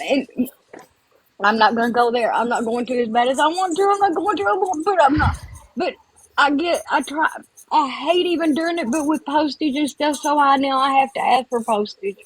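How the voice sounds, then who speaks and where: A woman's voice: sits high, poor audio. An older woman, calling into a live stream, emotional and rambling, close to tears.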